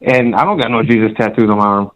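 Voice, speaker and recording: A man's voice: fairly low pitch, fast talker, a bit bright, muffled recording. A man calling in to a show, telling a rambling story in a swaggering, crude way. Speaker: caller. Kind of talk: casual storytelling on a call-in show.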